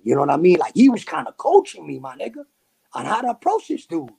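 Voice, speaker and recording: A man with a New York accent telling a story in a casual, animated way, full of slang and fillers. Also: sits high, fast talker, gravelly. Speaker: podcast guest.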